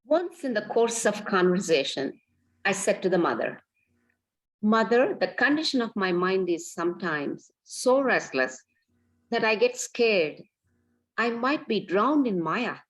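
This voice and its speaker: A woman in a class reading a passage aloud in a steady, careful way. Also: mid-range voice, unhurried, poor audio.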